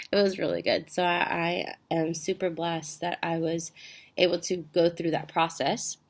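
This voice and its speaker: A woman's voice: lowish voice, little pitch movement, a little slow, creaky. A young woman telling a heartfelt personal testimony in a chatty, casual way, full of fillers and restarts. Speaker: ministry student sharing a testimony.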